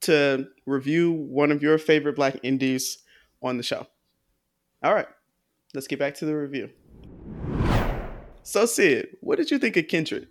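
A woman's voice: deep voice, a little slow, long pauses. A woman co-hosting a podcast, retelling a film plot in a laid-back, colloquial way with frequent laughs. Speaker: podcast co-host. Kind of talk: casual podcast chat.

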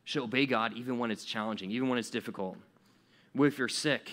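A man's voice: mid-range voice, quick pace, fairly bright tone. A young man giving a casual, conversational sermon to teenagers as a youth pastor, acting out grumbling quotes with fillers and restarts. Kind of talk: sermon to teens.

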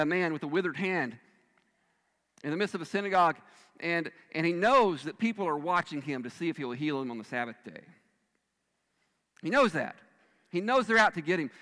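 A male pastor delivering a sermon with a bright, forceful voice pitched a little high. He swings between loud emphatic bursts and hushed lines, and the sound rings with the long reverb of a large church hall.

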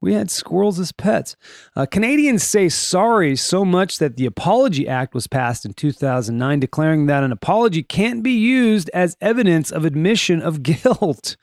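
A man's voice: on the high side, expressive, moderate pace, no echo, studio quality. A man hosting a casual daily podcast from a room at home, reading items and rambling through wry asides while stumbling over names. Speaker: podcast host.

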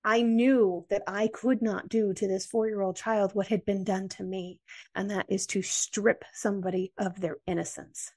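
An American woman speaking as a podcast guest, her voice sitting in a middle range. She tells her story in an earnest, measured way, one plain sentence after another. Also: mid-range voice, flat delivery, warm tone. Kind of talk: personal story in an interview.

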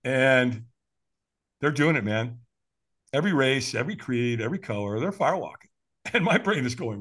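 An American man, a firewalk instructor appearing as a podcast guest, tells a story in conversation with a husky, mid-range voice at normal speed, pausing often. He's animated, acts out other people's voices, and chuckles frequently.

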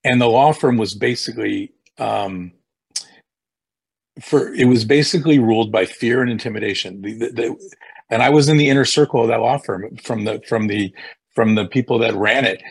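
Audience guy talking kinda haltingly, husky voice, middle pitch. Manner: halting, repeats words. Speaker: audience member. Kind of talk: sharing thanks at an event.

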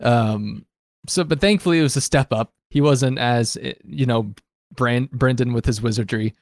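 A man's voice: medium pitch, normal speed, darkish tone, no room sound. Casting: man, show host, rambling chatty recap talk, dry close sound. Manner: rambling, chatty, laughs often. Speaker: podcast host. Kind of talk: casual recap chat.

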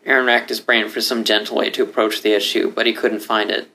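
Bright-voiced man reading a story. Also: on the low side, flat delivery, a little fast. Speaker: story reader. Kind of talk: audiobook narration.

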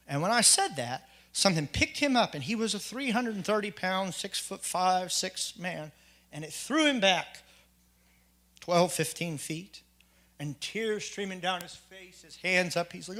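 A man with a bright, forward voice pitched a little above the usual for men tells his testimony. He speaks earnestly and haltingly, stumbling over repeated "and"s and restarting sentences as he goes. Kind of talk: spoken personal testimony.

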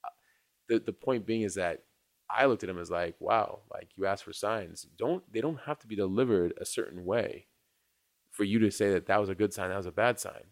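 A man's voice: lowish voice, a little fast, dry recording. A man from New York telling stories in a casual chat, rambling and acting out what people said. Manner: rambling storyteller, acts out quotes, laughs often.

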